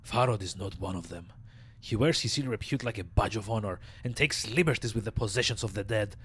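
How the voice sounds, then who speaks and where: A man voicing a frail, ancient male mortuary scribe in a raspy, grave, slow voice while reading game dialogue aloud. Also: fairly low pitch, fairly bright tone. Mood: disdainful. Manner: slow solemn speech broken by coughing rasp.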